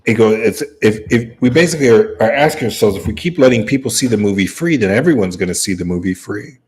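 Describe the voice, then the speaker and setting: A man's voice: lowish voice, animated, quick pace, slight background noise. Rambling man chatting on a livestream. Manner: rambling, repeats and restarts phrases. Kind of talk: rambling casual livestream chat.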